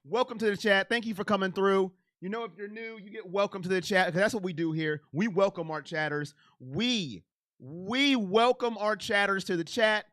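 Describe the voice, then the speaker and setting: A man hosts a casual live stream in a slightly raised voice. He sounds emotional and animated, and he greets chatters by name. The recording is close and dry, with almost no room sound. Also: sits high, brisk, hardly any pauses, no room sound. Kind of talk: casual live chat about football.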